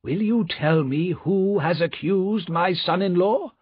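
A man voicing an older, gentle father who speaks tenderly and earnestly. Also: high-pitched, slow, slightly rough, voice pushed up, full character voice. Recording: dull lo-fi recording.

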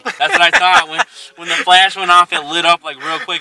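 A young man casually telling a spooky story, animated and profane, laughing often. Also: fairly high pitch, brisk, crowd noise. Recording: distant mic.

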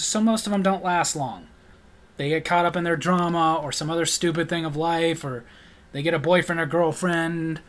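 A man's voice: high voice, fairly bright tone. A middle-aged man telling stories in a casual vlog, blunt and sarcastic. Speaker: storyteller.

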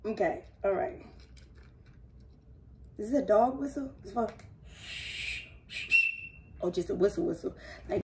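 A young adult woman reacting to gifts in a casual unboxing vlog, excitable and emotional, full of slang and exclamations. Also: medium pitch, measured pace, long pauses, a little hiss or hum. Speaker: vlogger opening gifts.

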